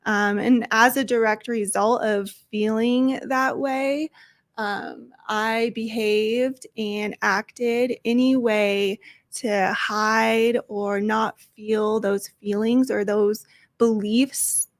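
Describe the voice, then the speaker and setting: A woman's voice: on the high side, steady tone, dry recording. A woman from Colorado telling her recovery story as a guest. She sounds like a Valley girl and talks openly, close to tears. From Colorado, USA. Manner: open and emotional, quick to tear up. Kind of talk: sharing a personal recovery story. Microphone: close studio microphone.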